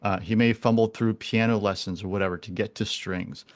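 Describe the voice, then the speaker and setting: A man's voice: on the low side, fairly even intonation, a little fast. A man in his forties, a podcast guest talking casually and earnestly, often restarting and repeating words. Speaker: guest, animal communicator.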